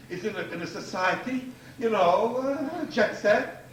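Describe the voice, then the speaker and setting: Animated rabbi lecturing in echoey room. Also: male voice, high-pitched, unhurried. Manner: emphatic, repeats key phrases, animated. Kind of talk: Torah lecture to an audience. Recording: echoey room, distant mic, faint hiss.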